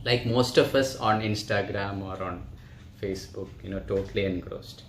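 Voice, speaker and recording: A man's voice: fairly low pitch, fairly even intonation, moderate pace, slight background noise. A yoga teacher, a man, telling a story to his class in a chatty way, often checking in with them. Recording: roomy echo.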